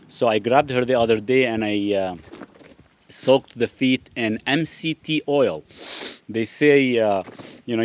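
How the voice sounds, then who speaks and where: Outdoors among backyard chickens, a mid-range-voiced man hosts a relaxed live Q&A. His talk wanders, he keeps restarting sentences, and "actually" comes up again and again.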